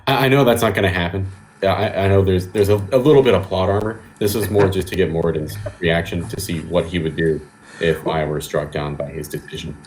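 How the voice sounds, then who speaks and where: A man playing in a tabletop game, speaking in a thoughtful, measured way. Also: low voice, steady tone, a little mellow, slight background noise, rough recording. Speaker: player. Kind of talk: casual tabletop game chat.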